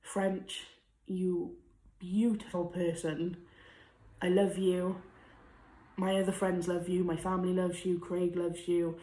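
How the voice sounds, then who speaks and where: A young woman talks in a heartfelt vlog, her voice sitting a little low for a woman. She sounds close to tears at times and laughs softly between thoughts. The room around her rings with echo. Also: flat delivery, slow, long pauses. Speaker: vlogger. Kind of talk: emotional personal vlog. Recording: echoey room.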